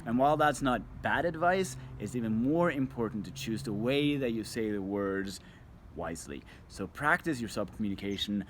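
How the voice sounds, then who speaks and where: A man's voice: fairly low pitch, moderate pace, a little hiss or hum. A man coaching viewers on tone of voice, talking straight to the camera and playing with emphasis to show how delivery changes meaning. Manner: expressive, shifts emphasis and tone to demonstrate. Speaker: communication coach. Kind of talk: scripted video talk to camera.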